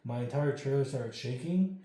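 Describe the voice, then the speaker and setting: A man's voice: medium pitch, normal speed. A man telling a ghost story as a podcast guest, casual and full of swearing. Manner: profane, animated storyteller. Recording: very echoey room.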